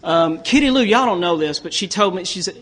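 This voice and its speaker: A man's voice: sits high, lively intonation, fairly quick, fairly bright tone. A man from Tennessee with a Southern US accent, giving a folksy recovery talk at a conference and telling jokes with frequent stammered restarts. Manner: folksy storytelling with joke punchlines. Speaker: AA speaker.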